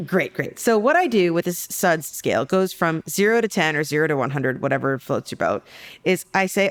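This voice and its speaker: A woman psychologist talking as a guest on a podcast interview, telling stories in a lively, joking way. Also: low-pitched, normal speed. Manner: lively, jokey storytelling.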